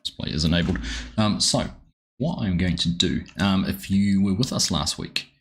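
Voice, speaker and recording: A man with a New Zealand accent chats casually on a live game stream. His voice sits very low, and he rambles in a friendly way, greeting viewers one by one. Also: moderate pace, fairly bright tone.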